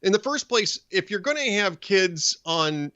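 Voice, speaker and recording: A man joining a talk radio discussion remotely, measured and hesitant with restarts, over a dull lo-fi line. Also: sits high, expressive, sharp tone. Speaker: remote guest co-host.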